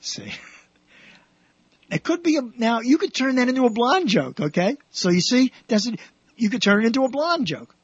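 Man, radio host, husky voice, rambling joke telling, dull dry recording. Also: extremely high pitch, moderate pace, dry recording. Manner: rambling, restarts often, animated punchlines. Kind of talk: telling jokes on air.

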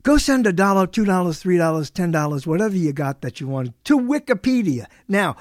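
A radio show host, a man with a high-sitting, very animated voice, talks briskly on a live talk show. He chats in a digressive, rambling manner and often breaks off mid-sentence, recorded on a studio microphone with studio quality and no room sound.

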